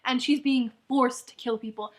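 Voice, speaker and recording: A woman's voice: high-pitched, steady tone, moderate pace. A woman ranting in a book review vlog, exasperated and full of "like.". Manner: exasperated, heavy use of "like".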